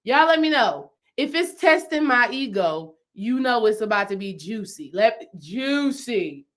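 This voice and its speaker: A woman's voice: on the high side, sing-song, unhurried. A woman speaking as a spiritual healing coach in a casual teaching talk, emphatic and chatty. She repeats phrases for stress and keeps asking her viewers questions. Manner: chatty, asks the audience questions.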